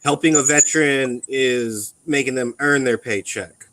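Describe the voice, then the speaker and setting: A man's voice: mid-range voice, a little slow, fairly bright tone, rough recording. A man in casual chat about being a veteran, talking bluntly with plenty of ums and curses. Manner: rambling, blunt and profane, with many ums. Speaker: veteran on a live radio chat.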